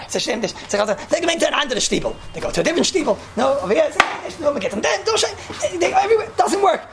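Fast, gravelly woman telling stories. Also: a little hiss or hum. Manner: animated storyteller, sprinkles Hebrew and Yiddish terms; jumps to high pitch when acting out story lines. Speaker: seminary teacher. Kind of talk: casual Torah talk with stories.

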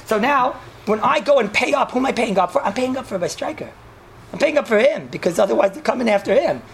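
A woman teaching an informal class on Jewish law to a live group. She talks conversationally, keeps checking in with "right?", and restates points to make them clear. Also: fairly high pitch, lively intonation, fast, a little hiss or hum. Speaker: religious teacher.

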